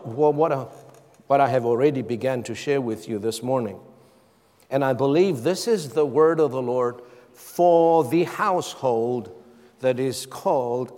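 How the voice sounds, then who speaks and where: A pastor preaching a sermon with dramatic pauses, building to emphatic calls. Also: male voice, mid-range voice, darkish tone. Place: church hall. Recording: long reverb of a hall.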